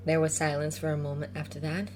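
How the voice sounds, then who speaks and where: A woman reading fan fiction aloud in a calm, even storytelling manner. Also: low voice, fast talker, a little hiss or hum. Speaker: fanfiction reader. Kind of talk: audiobook narration.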